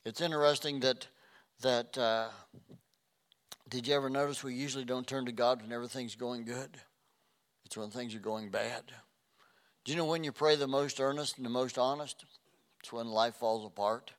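A man's voice: mid-range voice, fairly even intonation, normal speed, long pauses. Pastor, male, earnest sermon delivery, repeats himself, trips on archaic words. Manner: earnest, repeats phrases, stumbles over scripture words.

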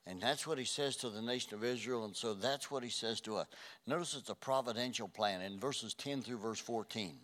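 An older man preaching a sermon, earnest, dropping to a hush and then rising loud. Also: mid-range voice, fairly quick. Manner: earnest, swings from hushed to loud. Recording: reverberant hall.

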